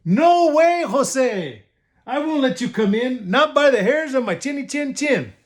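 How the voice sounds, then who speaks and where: A man's voice: extremely high pitch, big pitch swings, a little slow, a little mellow, echoey room, pitched above the performer's own voice, heavily acted. A man voicing a clever, stubborn young male pig who answers firmly. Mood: defiant. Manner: defiant, firm.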